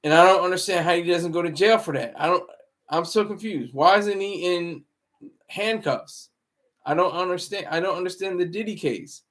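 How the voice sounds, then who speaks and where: A man's voice: high voice, normal speed, a bit bright. A man hosting a live stream, rambling and moralizing in casual commentary, often restarting his words. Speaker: livestream commentary host.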